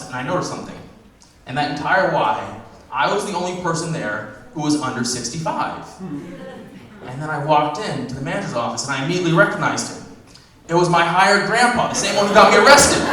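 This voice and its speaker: A young man telling animated stand-up stories on a comedy club stage. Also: fairly high pitch, fairly quick, crowd noise. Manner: animated storytelling, acts out voices. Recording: distant, very echoey club room.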